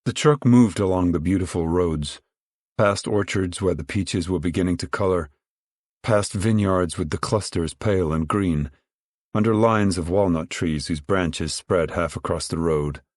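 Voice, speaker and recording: A man with a low voice reads a novel aloud, steady and storytelling in pace. The recording is dry and close, with no room sound around him. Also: unhurried, dry recording. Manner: steady storytelling, acts out dialogue. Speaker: audiobook narrator. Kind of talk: scripted narration.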